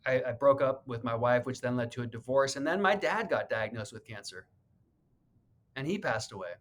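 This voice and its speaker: A man's voice: medium pitch, a bit bright. A man, a real estate agent, telling his personal story in an interview in an earnest, heartfelt way, repeating words when he gets emotional.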